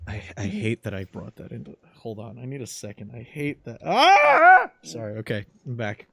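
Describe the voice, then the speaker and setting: A man narrating a tabletop game as game master, in a casual, unhurried storytelling manner. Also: on the low side, creaky, darkish tone, slight background noise.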